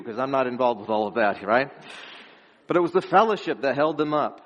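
A man's voice: mid-range voice, expressive, brisk, dull audio. A young man preaching a conversational sermon as pastor, earnest and storytelling, chuckling between phrases.

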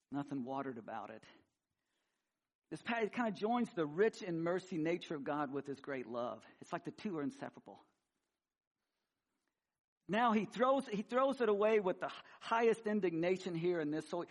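Animated high-voiced preaching man. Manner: animated preaching, swinging from loud emphasis to quiet asides; conversational, with frequent restarts and humor. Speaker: pastor. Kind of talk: sermon. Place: church sanctuary.

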